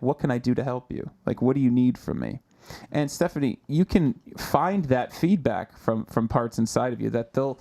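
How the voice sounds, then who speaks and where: A man answering questions as an anxiety coach on a live Q&A, speaking gently and often repeating words as he thinks. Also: medium pitch, gravelly. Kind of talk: live Q&A advice.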